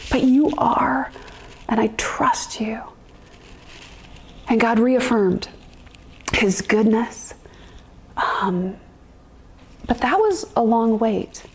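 Woman, husky, slightly high voice, unhurried, blunt faith testimony to a class. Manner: blunt and frank, mixes laughter with earnest faith talk. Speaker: speaker sharing a personal testimony in a class. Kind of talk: candid personal testimony.

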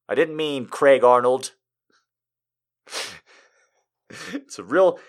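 A man hosting a poetry show, reading poems aloud and chatting casually, laughing often between asides. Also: medium pitch.

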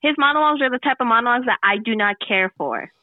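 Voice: mid-range voice, animated, quick pace, no echo, narrow, tinny audio. A podcast co-host in casual chat, teasing and laughing often.

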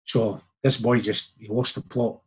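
A Scottish man in casual chat, telling animated anecdotes and acting out the people in them. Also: mid-range voice, a little slow, breathy edge. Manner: broad, animated storytelling with acted quotes.

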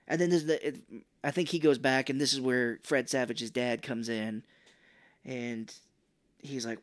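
A man co-hosting a casual podcast, recapping a movie and acting out its lines in high, mocking put-on voices. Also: steady tone, a little slow. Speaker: podcast co-host.

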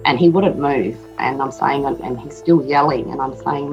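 Very low-voiced woman, halting. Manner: halting, with repeated restarts. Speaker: interview guest. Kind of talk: emotional first-hand storytelling. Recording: dull clip with music underneath.

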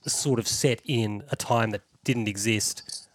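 A man's voice: on the low side, unhurried, no echo. A man co-hosting a casual podcast chat on a headset mic, rambling from one tangent to the next and laughing often. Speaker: podcast co-host.

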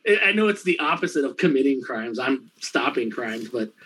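A man telling a profane anecdote in casual chat, laughing often and acting out the other people's lines in quick, rambling bursts. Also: mid-range voice, lively intonation, a bit bright, a little hiss or hum, poor audio. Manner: quick, rambling delivery with fillers. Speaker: storyteller in a conversation.

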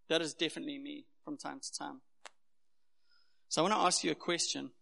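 Gravelly South African man preaching. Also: on the high side, steady tone, brisk, bright, forceful tone. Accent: South African, Durban. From Durban, South Africa. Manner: earnest, personal, conversational preaching. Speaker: pastor. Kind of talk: sermon. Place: church hall. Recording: echoey hall.

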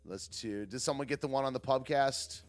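A man's voice: mid-range voice, moderate pace, soft background music. A man hosting a livestream, chatting casually, reading chat aloud and joking sarcastically. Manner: sarcastic, laughs often, reads chat aloud. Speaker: livestream host.

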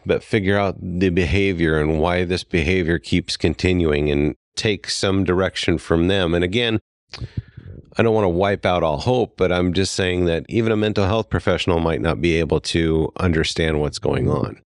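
A man with a very low, deep voice co-hosts a podcast in relaxed conversation. He speaks earnestly and grows heated, then catches himself and apologizes. The sound is close and dry, with no room echo. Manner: earnest, gets worked up and apologetic. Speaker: podcast co-host. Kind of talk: casual podcast talk.

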